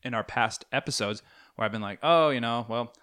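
A young man co-hosts a casual podcast chat, spinning long, animated, rambling stories packed with fillers. His mid-range voice is clean in tone and fairly quick.

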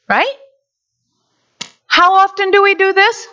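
A woman pastor preaching a sermon in an animated way, breaking into quick voices. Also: high-pitched. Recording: dull lo-fi sound.

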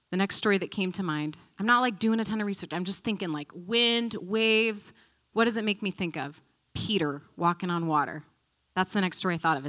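Animated woman teaching the Bible. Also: lowish voice. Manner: animated storyteller, acting out quotes; conversational, thinking aloud.

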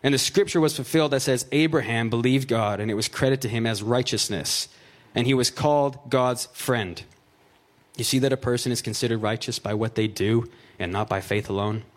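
A man preaching in an easygoing, conversational way, reading scripture and then unpacking it. He talks at an everyday middle pitch and mixes in jokey asides and plenty of "like" and "right?". It sounds relaxed and chatty more than formal. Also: brisk. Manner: casual, joking asides, fillers of "like" and "right?".

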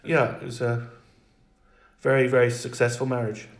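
A man speaking as an interview guest in reflective conversation, halting and restarting often. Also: medium pitch, little pitch movement, roomy sound.

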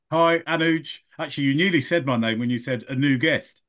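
A man's voice: medium pitch, normal speed, a bit bright. A middle-aged man, a podcast guest, telling a rambling story and correcting himself as he goes. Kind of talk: casual podcast chat.

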